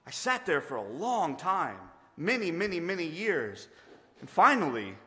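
A man's voice: fairly high pitch, sing-song, unhurried, sharp tone. A man preaching a sermon, earnest and emphatic in a conversational way. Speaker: pastor. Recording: long reverb of a large hall.

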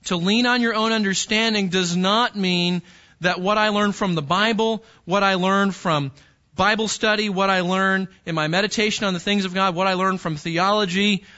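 A man's voice: high-pitched, pushed and bright, dull audio. A man preaching a sermon to a congregation, talking to them directly and emphatically with many repeated words and restarts. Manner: emphatic teaching with repetitions and restarts.

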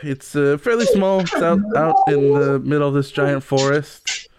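A man's voice: a little high, normal speed, very noisy, close to an everyday voice. A man voicing a tall, slender male elf who is friendly and stumbles over his words. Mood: hesitant.

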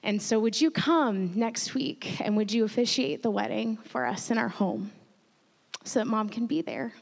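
A woman in her thirties preaching a sermon, telling a personal story earnestly and growing quietly emotional at times. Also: on the high side, animated, normal speed, gravelly. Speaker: pastor. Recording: long reverb of a large hall.

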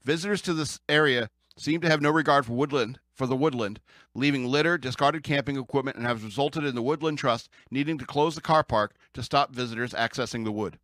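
A man's voice: medium pitch, fairly quick, fairly bright tone, no echo, clean studio sound. A man with an American accent, chatting casually about the news as a podcast host, rambling and joking, often laughing and restarting his sentences.

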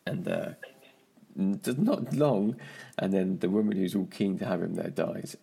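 A man's voice: low voice, lively intonation, a little slow, creaky, dark tone, breathy edge. A man co-hosting a casual film review chat, rambling and searching for words, with frequent laughs. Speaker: podcast co-host.

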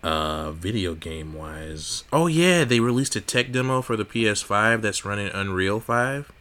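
Young man, casual podcast chat, deep voice, clear tone, profane, jokey. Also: expressive, measured pace, fairly bright tone. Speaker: podcast co-host.

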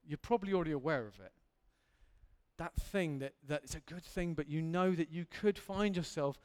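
A man's voice: fairly high pitch, normal speed. A man preaching an earnest, candid sermon in a church hall, building to emphatic intensity.

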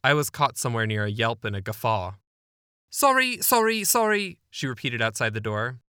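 A man's voice: on the low side, fast, bright, forceful tone, no echo, clean studio sound. A young man narrating his own memoir in a wry, self-deprecating, conversational way. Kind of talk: memoir storytelling.

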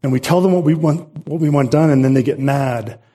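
A man's voice: on the high side, a little fast, warm tone. A middle-aged man pastor preaching a sermon in an earnest, repeating way, often restarting his phrases.

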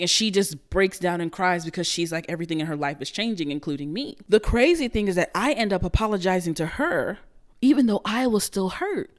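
A young woman in a casual storytelling monologue, blunt and animated. She cusses freely and talks with a mid-range voice. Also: medium pitch, normal speed. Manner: animated, blunt, cussing, laughs while telling.

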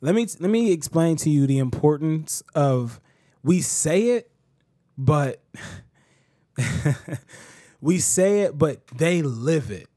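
A podcast host tells a story in casual chat, animatedly acting out the quotes. His voice sits on the high side, and he takes it slowly with long pauses. The studio sound is clean, with no echo.

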